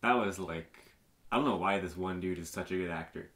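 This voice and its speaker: Very deep-voiced man chatting about a film. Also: brisk, fairly bright tone. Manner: loose, rambling, swears casually. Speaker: podcast co-host. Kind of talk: casual film discussion.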